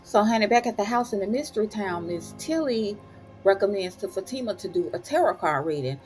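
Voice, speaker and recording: A woman's voice: medium pitch, animated, brisk, darkish tone, faint music behind. A woman host casually recapping TV episodes, chatty and folksy, calling listeners "honey" and "child".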